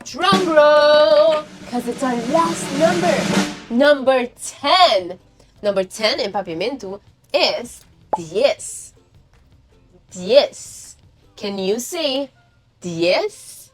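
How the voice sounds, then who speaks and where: Slow, lively-voiced woman teaching kids. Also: a little high, soft background music. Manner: slow, cheerful, praising and prompting children to repeat. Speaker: children's language teacher. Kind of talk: kids' counting lesson.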